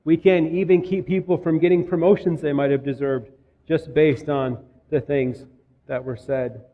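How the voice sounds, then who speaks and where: A man's voice: a little high, fairly even intonation, normal speed, in a large hall, phone-quality sound. A man from Minnesota preaching a sermon, telling stories in a conversational way. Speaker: pastor.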